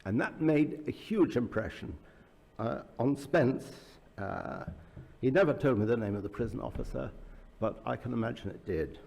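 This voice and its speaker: A man tells anecdotes to an audience at a book launch, his voice sitting at an average pitch with a gravelly, creaky edge. He wanders through the stories with fillers and small restarts. The sound carries a long reverb, as in a large hall. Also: animated, normal speed, darkish tone. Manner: storytelling with frequent fillers and restarts. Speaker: author speaking at a book launch. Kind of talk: anecdotal public talk.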